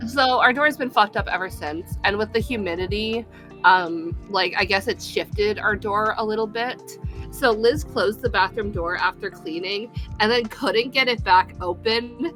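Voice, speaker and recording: Casting: woman, bright tone, casual laughing storyteller on a gaming chat show, faint music under. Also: mid-range voice, moderate pace. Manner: laughing storyteller, lots of fillers and swearing. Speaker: podcast co-host.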